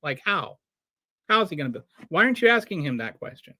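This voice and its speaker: A man hosting a show of casual political commentary, talking in an animated way with frequent restarts and rhetorical questions. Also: a little high, fast, no room sound, clean studio sound. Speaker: show host.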